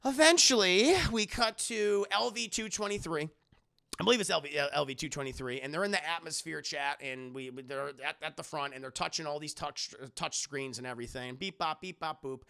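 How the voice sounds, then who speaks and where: Gravelly, bright-voiced man recapping a film. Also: on the high side, brisk. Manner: profane, rambling, keeps addressing chat. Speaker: streamer reviewing a film. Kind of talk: casual spoiler recap to a live chat.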